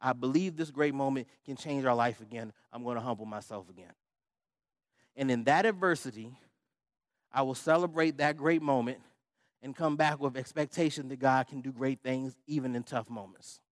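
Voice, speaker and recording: A man's voice: mid-range voice, normal speed, dry recording, studio quality. A middle-aged man preaching a sermon, telling a personal story in a humorous, conversational way and laughing often. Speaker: pastor.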